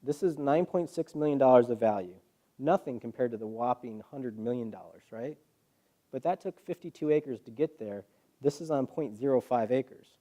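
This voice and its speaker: At medium pitch and normal speed, a man addresses a live audience in a hall as a guest presenter. His public talk is animated storytelling full of acted-out quotes and rhetorical questions.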